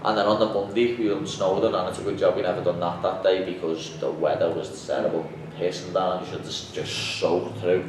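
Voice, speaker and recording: Young man, lowish voice, lively storyteller, echoey room, mic far off. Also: brisk, hardly any pauses. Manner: animated storytelling, acts out quotes. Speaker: podcast guest, MMA fighter. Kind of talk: casual chat. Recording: echoey room, distant mic, faint noise.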